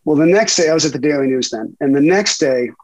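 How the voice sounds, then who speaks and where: A middle-aged man, a sports reporter being interviewed, telling animated stories with frequent laughs and fillers. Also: fairly high pitch, quick pace, dry recording, poor audio. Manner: animated storyteller, laughs often, many fillers. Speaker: investigative sports reporter, guest. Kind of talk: casual interview storytelling.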